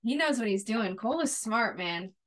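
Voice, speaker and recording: A woman co-hosting a podcast, casually retelling an episode's scenes in long runs that trail off quietly. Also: fairly high pitch, expressive, moderate pace. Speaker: podcast co-host. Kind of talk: casual chat recapping a TV episode.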